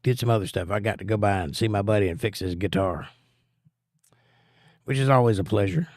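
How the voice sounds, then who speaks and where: Laid-back middle-aged man hosting a live chat show, folksy and unhurried, dry close-miked sound. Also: on the low side, a little mellow, no echo. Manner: easygoing, folksy, reads chat aloud. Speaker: livestream host. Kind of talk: casual chat reading viewer comments.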